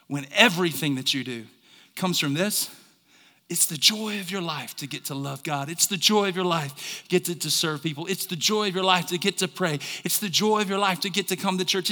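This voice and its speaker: A man preaching a sermon as a pastor, swinging from quiet talk to shouts and asking the congregation questions. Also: high voice, big-room sound. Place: church service.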